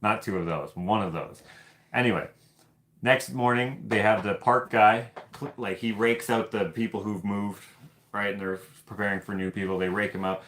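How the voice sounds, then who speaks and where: A man's voice: on the low side, moderate pace. Laughing man telling a story on a livestream. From Canada. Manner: animated, laughing, loose and profane. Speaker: host of live hangout stream.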